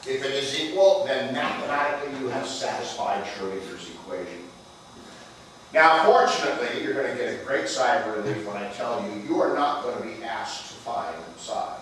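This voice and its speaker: A man's voice: mid-range voice, normal speed, fairly bright tone. A man teaching a physics class, playful and theatrical, often putting questions to the class. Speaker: physics lecturer. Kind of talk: classroom lecture. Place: lecture hall. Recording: echoey lecture hall, distant, faint noise.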